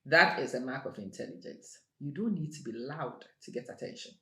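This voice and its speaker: A woman giving a motivational monologue in a measured, emphatic way, repeating her key phrases. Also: rumbling low, expressive, fairly bright tone. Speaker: motivational speaker. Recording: roomy echo with faint music.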